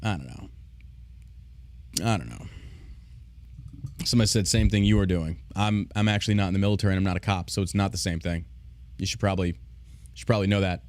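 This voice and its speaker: A man's voice: sits low, quick pace, long pauses, a little mellow. A man hosting a podcast, ranting in casual, profane, sarcastic commentary. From United States. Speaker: podcast host.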